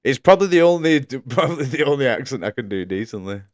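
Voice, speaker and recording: A man's voice: medium pitch, animated, fast talker, no room sound, clean studio sound. A man commentating a sim racing league live stream, chatting casually, laughing often and reading out viewers' messages.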